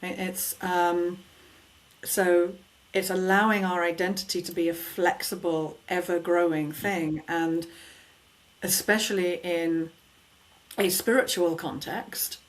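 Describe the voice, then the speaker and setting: A woman, a vocal coach, talking in a podcast conversation, expressive and emphatic as she acts out questions people ask themselves. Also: fairly low pitch, slow. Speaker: vocal coach and sound healer.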